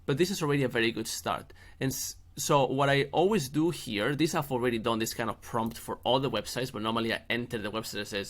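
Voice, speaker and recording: A man's voice: mid-range voice, a little fast, fairly bright tone. Jokey man hosting a tutorial. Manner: jokey, chatty, playful asides. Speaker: SEO channel host. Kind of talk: screen-share tutorial.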